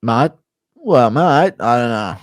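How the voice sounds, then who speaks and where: A man's voice: medium pitch, sing-song, takes it slowly, no echo, studio quality. A man doing a dismissive Australian fighter. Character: offhand male Australian fighter.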